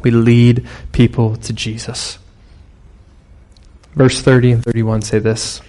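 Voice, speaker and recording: A man's voice: mid-range voice, little pitch movement, takes it slowly, mellow. A man preaching a sermon in a conversational, storytelling way, with sudden bursts of emphasis. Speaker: pastor.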